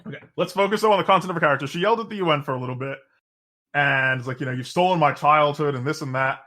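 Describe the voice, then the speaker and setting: A man's voice: fairly high pitch, fairly even intonation, very fast, bright, forceful tone. A man co-hosting a podcast, chatting casually and sardonically about politics, rambling with frequent restarts. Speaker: podcast co-host.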